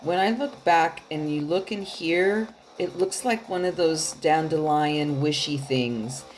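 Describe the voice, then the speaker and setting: Chatty low-voiced woman reading tarot. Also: slow, a little hiss or hum. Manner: chatty, animated, swears casually, laughs often. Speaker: tarot card reader. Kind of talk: casual tarot reading to viewers.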